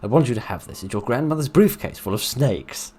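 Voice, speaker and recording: A man reading the lines of a middle-aged farm father in a game, flat and deadpan. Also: mid-range voice, fairly quick, slightly rough.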